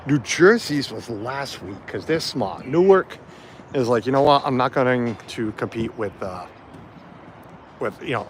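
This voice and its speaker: A man's voice: mid-range voice, slight background noise. A man chatting casually on a phone livestream while walking around a festival site outdoors, rambling with lots of fillers. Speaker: livestream vlogger. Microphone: phone camera held while walking.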